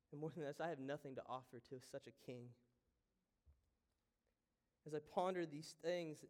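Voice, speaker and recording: Guy preaching in church, kinda high voice, goes soft then really loud and fired up. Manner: impassioned preaching with wide swings from hushed to loud. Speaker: pastor. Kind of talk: sermon. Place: church sanctuary.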